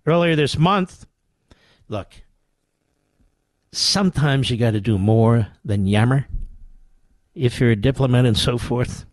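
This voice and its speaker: A man's voice: medium pitch, unhurried, pauses often, dry recording. A man hosting a political talk radio show, delivering combative, mocking commentary.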